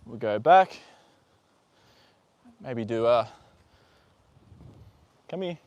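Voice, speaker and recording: A man's voice: medium pitch, lively intonation, extremely slow, darkish tone, no room sound, highs cut off. A man hosting a casual live stream from outdoors with a horse, chatting easygoing and rambling as he reads out viewer comments, with lots of fillers. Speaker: livestream host. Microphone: phone on a tripod.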